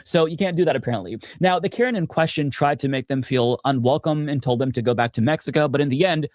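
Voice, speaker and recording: A man narrates from a script, sardonic and profane, his voice sitting a bit high. The recording is dry and close, with no room sound. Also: quick pace, a little mellow, no room sound. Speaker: commentary video narrator.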